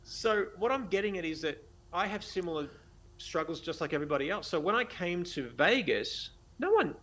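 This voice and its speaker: Australian man, podcast guest, lively storyteller, blunt, slightly high voice; casual and profane. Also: a little fast. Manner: animated, acts out dialogue, blunt and profane. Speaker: guest, photographer.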